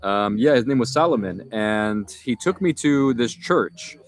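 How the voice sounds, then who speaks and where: A man's voice: mid-range voice, expressive, measured pace. A young man hosting a livestream, telling a rambling story in casual chat, often breaking off mid-sentence. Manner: rambling, self-interrupting storytelling. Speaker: livestream host.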